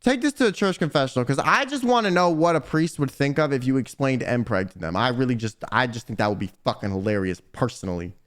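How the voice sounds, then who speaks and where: Talking fast with hardly any pauses, a young man streams casual commentary, reading viewer confessions aloud and reacting with exasperation and profanity. His mid-range voice has lively intonation.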